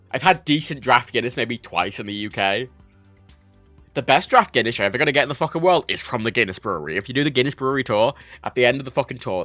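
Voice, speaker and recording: A man from Ireland, chatting casually on a livestream, telling stories in an animated, sweary way. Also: medium pitch, dry recording. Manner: animated, sweary storytelling, reads chat aloud. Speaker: livestream host.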